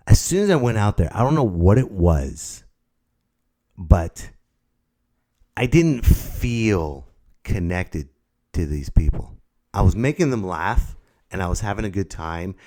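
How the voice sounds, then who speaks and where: Low-voiced playful comedian hosting a podcast. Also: male voice, a little mellow. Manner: playful, rambling, self-mocking. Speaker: stand-up comedian and podcast host. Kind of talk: casual solo podcast monologue. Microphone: new podcast microphone with popping p sounds.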